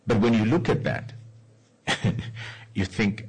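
Male host, deep husky voice, animated solo commentary to listeners. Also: slow pace, poor audio. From Namibia. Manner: repeats key phrases, asks the listener questions. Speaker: radio or podcast host.

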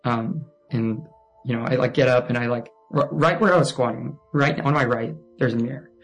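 A young man with a husky, mid-range voice recounts a personal experience in a halting, hesitant way, leaning on fillers and often dropping almost to a hush. Faint music plays softly beneath his voice. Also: mid-range voice, poor audio. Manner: subdued, often drops to a near hush. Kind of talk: personal testimony.

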